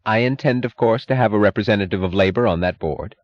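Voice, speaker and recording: A man's voice: lowish voice, fast, no room sound, dull audio, close to an everyday voice. A man voicing a dry, uneasy official. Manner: dry, uncomfortable. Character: dry, evasive male government official.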